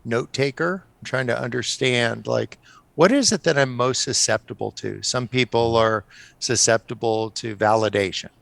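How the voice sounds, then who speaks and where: A middle-aged man telling stories on a podcast as a guest, animated and often laughing. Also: mid-range voice, normal speed, creaky, dry recording. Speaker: guest author. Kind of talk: casual storytelling on a podcast.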